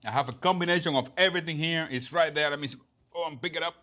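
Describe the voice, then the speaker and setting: A man's voice: on the high side, quick pace, pushed and bright. A man hosting a casual cooking and tasting video, exclaiming over the food in loose, non-standard grammar. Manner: enthusiastic, exclaiming over flavors. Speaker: cooking show host.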